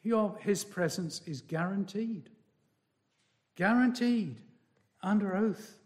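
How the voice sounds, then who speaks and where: Pitched high, the man's sermon unfolds at a slow, insistent pace. He circles back to important phrases while alternating loud proclamations with murmured remarks.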